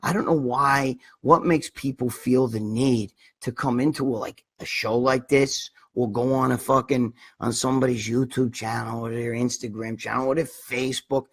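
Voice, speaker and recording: A middle-aged New man with a husky, slightly raspy voice hosts a casual livestream chat. He rambles in a blunt, profane way, circling back to his points with plenty of filler and swearing. His pitch sits at an ordinary middle level for a man. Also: steady tone, normal speed, hardly any pauses, a bit bright. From New York. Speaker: livestream host.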